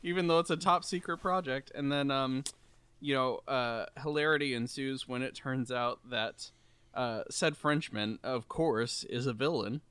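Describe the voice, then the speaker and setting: A man's voice: medium pitch, unhurried, fairly bright tone, clear, resonant tone, dry recording. A man co-hosting a casual movie review chat, summarizing the plot with dry, wry humor. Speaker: podcast co-host.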